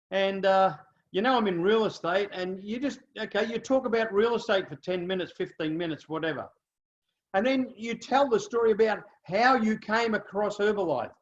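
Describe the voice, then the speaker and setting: An Australian man coaching a team in an animated, storytelling way. He keeps asking his listeners "okay?" and "right?", and his voice sits high and moves a lot. The recording sounds dull and muffled. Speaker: business trainer. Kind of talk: motivational training talk.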